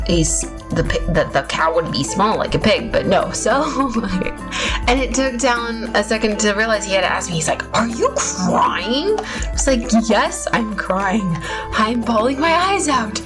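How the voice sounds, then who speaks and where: A woman's voice: medium pitch, poor audio. A young woman hosting her gaming channel, talking casually and rambling through her gameplay with self-mocking laughs. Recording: faint music behind voice.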